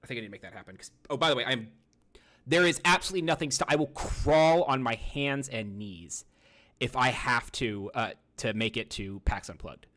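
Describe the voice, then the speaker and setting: A man's voice: mid-range voice, expressive, fairly quick, a bit bright. A man streaming live, chatting casually with his viewers in a rambling, profane way and talking to himself while he browses.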